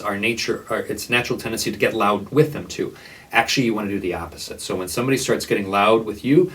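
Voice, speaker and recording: Low-voiced shelter worker guy giving a training talk, lots of ums, bit far off the mic. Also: fairly bright tone, a little hiss or hum. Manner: casual, earnest, many fillers and restarts.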